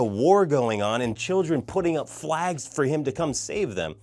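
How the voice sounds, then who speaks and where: A man's voice: fairly high pitch, big pitch swings, a little slow, darkish tone. A man giving a casual, exasperated film review rant, swearing and acting out scenes. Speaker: movie reviewer.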